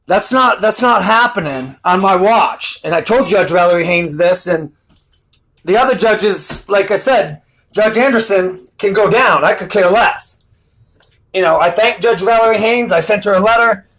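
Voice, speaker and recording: Vlogger, male, high and bright voice, defiant and rambling, intense delivery. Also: normal speed. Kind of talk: rambling monologue to camera.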